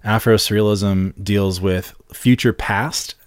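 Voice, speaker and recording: A man co-hosting a podcast, explaining a term in a measured way with frequent "um" and "like" fillers. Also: lowish voice, steady tone, smooth, no room sound, clean studio sound. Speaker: podcast co-host. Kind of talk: casual podcast discussion.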